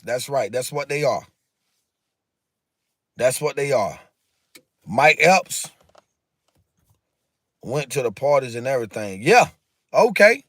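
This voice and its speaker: In studio-quality audio with no room sound, a slightly high-pitched man with a sharp tone hosts a relaxed livestream. He answers viewer comments emphatically, repeating himself and sounding preachy.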